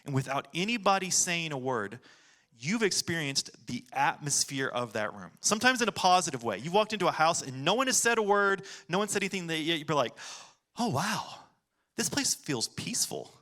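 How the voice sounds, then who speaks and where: A man's voice: fairly high pitch, very animated, fairly quick, sharp tone. A man preaching a sermon as pastor, with an American accent, telling the story casually and acting out voices.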